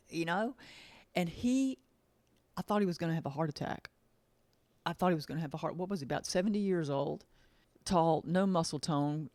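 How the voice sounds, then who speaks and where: A woman's voice: low-pitched, a little mellow, no echo. Rambling woman telling a story. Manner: rambling, repeats herself, acts out quoted dialogue. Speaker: vlogger. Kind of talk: casual storytelling monologue.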